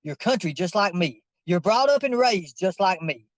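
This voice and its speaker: A man's voice: sits high, lively intonation, moderate pace, dry recording, poor audio. Insistent, preachy man pressing hard. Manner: insistent, preachy, repeats himself. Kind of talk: heated confrontation over a call.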